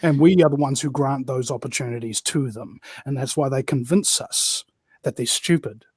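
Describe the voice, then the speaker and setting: A man's voice: medium pitch, moderate pace, darkish tone, breathy edge, no room sound, clean studio sound. A man from New Zealand with a New Zealand accent, a guest telling stories and ranting in casual political chat, often saying "bro". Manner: ranting, storytelling, peppered with "bro".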